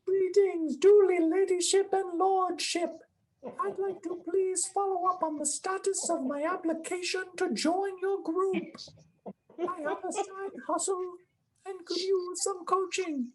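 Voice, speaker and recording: A performer voicing a deepfake elderly British queen who hosts the show, prim and stilted. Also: steady tone, a little slow, darkish tone, a little hiss or hum, low-quality recording. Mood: regal. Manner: mock-regal, prim and stilted.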